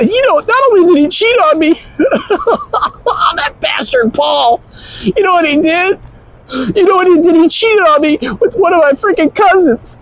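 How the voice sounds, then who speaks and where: A man putting on a falsetto voice to play a whiny, lovesick young Gen Z woman in a comedic live-stream sketch, with giggles and a whining delivery. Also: dry recording, heavily acted, poor audio.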